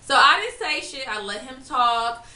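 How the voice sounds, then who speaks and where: A woman's voice: high-pitched, expressive, unhurried, bright, forceful tone. A woman in her twenties telling a story to camera in a blunt, profane, chatty way. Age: 20s. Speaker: vlogger. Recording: echoey room, mic at a distance.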